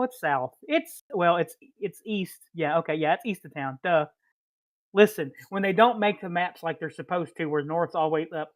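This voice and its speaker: A man running a tabletop game as dungeon master, narrating in a chatty, self-deprecating way. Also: on the high side.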